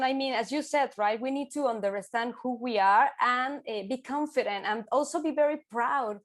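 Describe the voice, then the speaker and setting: Woman, Latin American Spanish accent, native Spanish speaker, podcast host, affirming, somewhat high voice. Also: moderate pace, hardly any pauses. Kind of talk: interview.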